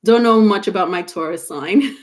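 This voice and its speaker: A woman's voice: medium pitch, moderate pace. A woman reads tarot on a casual live stream and talks right to her viewers. She is frank and chatty, and she drops curse words without a second thought. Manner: chatty and blunt, curses freely, laughs often. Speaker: tarot reader.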